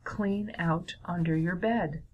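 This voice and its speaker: A woman voicing a kind little sister in a read-aloud story, speaking softly. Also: on the low side, slow pace, highs cut off. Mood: gentle.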